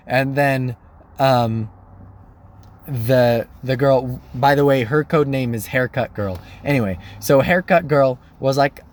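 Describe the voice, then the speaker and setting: A man's voice: medium pitch, unhurried. Rambling young man telling a story. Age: young adult. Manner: chatty, full of "like" and self-corrections, laughs easily. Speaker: college student telling dating stories.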